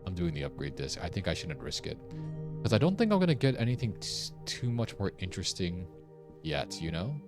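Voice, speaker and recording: Brief: young male streamer, low voice with lively swings, puzzling aloud, faint music behind. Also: brisk. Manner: thinking aloud, puzzling over clues. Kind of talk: casual gameplay commentary.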